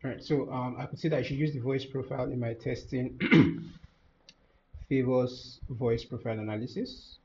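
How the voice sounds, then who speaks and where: A man teaching a software tutorial over a screen share, thinking aloud with many fillers and restarts. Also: mid-range voice, fairly even intonation, normal speed, dull audio, a little hiss or hum. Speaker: course instructor.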